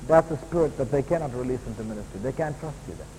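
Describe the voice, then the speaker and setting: A man preaching a sermon as a pastor, building to loud emphatic peaks and then dropping to quieter, lower asides. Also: quick pace, slight background noise. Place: church hall. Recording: long hall reverb, faint ambience.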